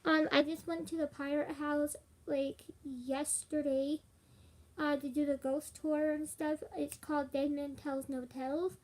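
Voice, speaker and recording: A woman's voice: high voice, level tone, measured pace, darkish tone. A young woman chats on a live stream. She sounds worn out and rambles from one thought to the next, full of fillers. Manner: rambling, with frequent fillers and laughs. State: tired. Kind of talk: casual live stream chat.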